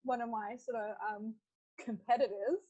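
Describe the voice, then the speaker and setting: A young woman, a podcast guest, telling a story in casual chat, animated and quick to laugh, acting out what others said. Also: a little high, dull audio. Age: young adult. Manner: animated, laughs often, acts out quoted lines.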